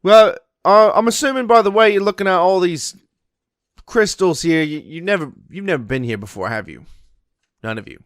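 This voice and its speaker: A man's voice: on the low side, little pitch movement, rapid-fire, gravelly, few pauses, a bit bright, smooth, dry recording, studio quality, pitched below the performer's own voice. A man voicing a friendly, talkative orc man who leads a ranger guild, with an accent that drifts from British to Kiwi.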